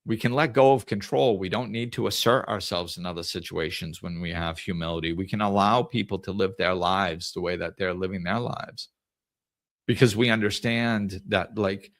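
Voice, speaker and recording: Guy with a lowish voice, rambling podcast storytelling, dry close sound. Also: normal speed, no echo. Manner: conversational, storytelling, frequent restarts and fillers. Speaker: podcast host. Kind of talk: casual spiritual talk.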